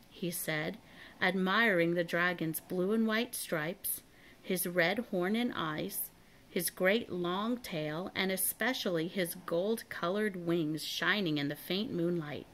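A woman reading a children's chapter book aloud in a calm, even storytelling voice. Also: fairly low pitch, a little slow. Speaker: storybook reader.

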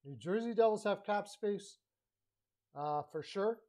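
A man's voice: high-pitched, expressive, a little slow, dark tone. A man giving a blunt, opinionated, rambling solo talk as a hockey commentary vlogger, often correcting himself mid-sentence. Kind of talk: casual opinionated monologue.

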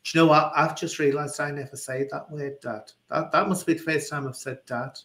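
Scouse host telling stories, mid pitch, echoey room. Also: fairly even intonation, a little fast, a bit bright. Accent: Liverpool. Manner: anecdotal, full of quoted speech. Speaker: interview host. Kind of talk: casual chat. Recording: roomy echo.

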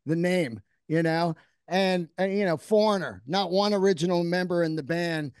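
A man with a high voice for a male speaker hosts a podcast and tells stories with animated, profane energy. The recording is very dry and close, with no room sound. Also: normal speed, clean tone, no room sound. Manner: profane, animated storyteller, acting out quotes. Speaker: podcast host. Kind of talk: casual interview chat.

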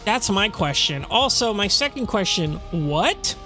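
A man's voice: high-pitched, sing-song, unhurried, over music. A young man commentating casually on a horror game, rambling, laughing and swearing. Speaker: let's play host.

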